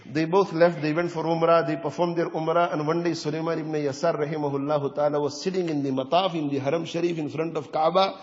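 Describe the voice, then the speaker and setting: A man's voice: on the high side, fairly even intonation, fast, few pauses. Man giving a passionate sermon, kinda muffled lo-fi sound, big hall echo. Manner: impassioned, rising to loud urgent questions. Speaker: preacher. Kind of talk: sermon with storytelling. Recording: dull lo-fi recording with long hall reverb.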